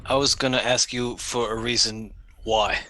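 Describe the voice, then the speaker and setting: A man with a bright, forward voice plays a tabletop game. He talks slowly and deliberately, thinking out loud with pauses and "um"s. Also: mid-range voice, fairly even intonation. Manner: slow, deliberating, thinks aloud. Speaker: player. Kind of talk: casual tabletop game chat.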